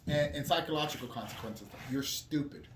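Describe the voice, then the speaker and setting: A man's voice: fairly high pitch, brisk. A man as a podcast guest, talking in a profane, rambling way with frequent restarts. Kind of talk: casual candid chat. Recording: roomy echo with background noise.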